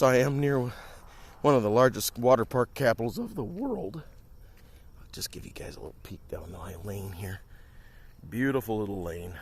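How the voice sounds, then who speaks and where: A man from Wisconsin, chatting casually and a little out of breath as he walks outdoors along a country lane, filming on a handheld phone. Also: on the low side. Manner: rambling, chatty, talks while walking. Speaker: streamer. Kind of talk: casual walking vlog. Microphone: handheld phone while walking.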